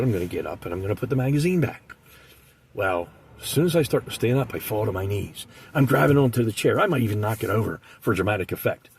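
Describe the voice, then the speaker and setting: A man delivering a comic monologue in an animated way, slipping into the voices of the people he describes. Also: mid-range voice, slight background noise. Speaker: comedic storyteller.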